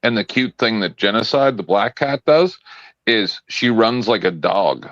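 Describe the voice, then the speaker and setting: A man's voice: on the low side, lively intonation, measured pace, fairly bright tone, no echo. A man in casual chat on a stream, rambling, blunt and joking, with many restarts. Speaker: co-host. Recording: dull lo-fi sound.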